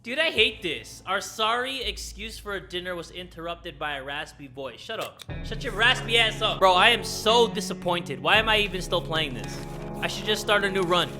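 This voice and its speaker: Young male gaming host, rowdy, high and brassy, music bed under the commentary. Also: normal speed. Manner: loud, excitable, yells and swears at the game; reads game text aloud in a narrating voice. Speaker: gaming YouTuber. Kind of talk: let's play commentary.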